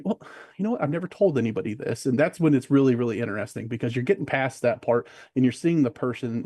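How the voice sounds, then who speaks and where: A man's voice: medium pitch, mellow, dry recording, clean studio sound. A man speaking as a podcast guest in casual conversation, rambling with many fillers and restarts, and acting out what other people say. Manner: acts out quoted voices of other people.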